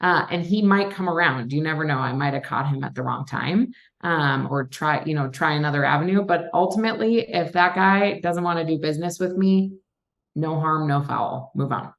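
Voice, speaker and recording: On a podcast, a Minnesota woman who invests in real estate chats casually, acting out quoted phone calls as she spins her stories. She talks at a normal speed in a low-pitched voice with vocal fry.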